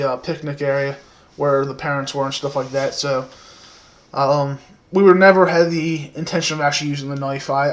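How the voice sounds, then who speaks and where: A man in his twenties telling a story casually to the camera, soft-spoken and rambling, with many fillers. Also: fairly high pitch.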